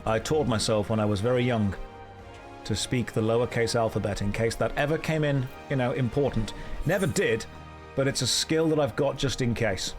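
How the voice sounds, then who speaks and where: A man streaming a video game, chatting casually with dry, deadpan jokes. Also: medium pitch, normal speed, music in the background.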